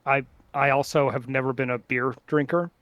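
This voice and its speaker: A man's voice: mid-range voice, fairly even intonation, normal speed, no echo, highs cut off. A man co-hosting a casual podcast with friends, rambling with lots of fillers and restarts. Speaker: podcast co-host. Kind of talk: casual chat among friends.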